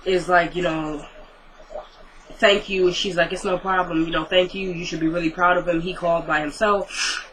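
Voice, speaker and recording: A person casually recapping a TV drama episode, retelling the scenes in quick, paraphrased dialogue and adding their own opinions. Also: mid-range voice, pushed and bright, a little hiss or hum, low-quality recording.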